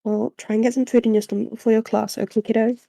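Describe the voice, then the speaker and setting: A gentle, worried father, read by a woman coaxes his grown daughter in a tender, gently firm way. The voice stays mellow and dark, with a gravelly edge and dry close sound. This is storybook dialogue read in a plain voice. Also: fairly high pitch, little pitch movement, fast, dry recording. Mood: coaxing.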